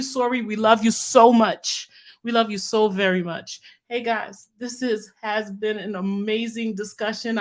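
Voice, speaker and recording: A woman's voice: a little high, fairly bright tone. A woman hosting a live stream chat, emotional and effusive, teary from crying, often repeating herself. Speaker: channel host.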